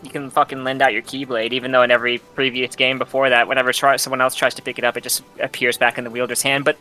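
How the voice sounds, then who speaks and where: A man's voice: medium pitch, flat delivery, quick pace, bright, forceful tone, soft background music. A man casually retelling a game's story, rambling and swearing, often laughing. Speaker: host retelling a game's plot. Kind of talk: casual drunk chat.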